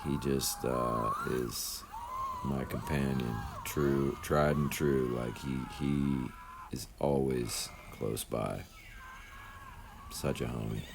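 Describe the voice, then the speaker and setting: Very deep-voiced rambling man narrating. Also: fairly even intonation, slow pace, music in the background. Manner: rambling, laid-back, heavy on fillers like "you know" and "man". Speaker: RC crawler channel host. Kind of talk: casual voice-over commentary.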